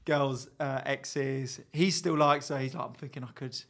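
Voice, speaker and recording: A man's voice: medium pitch, steady tone, normal speed, a bit bright. A young man, co-hosting a podcast in chatty banter, laughing often as he recounts scenes. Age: young adult. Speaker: podcast co-host. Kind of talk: casual banter.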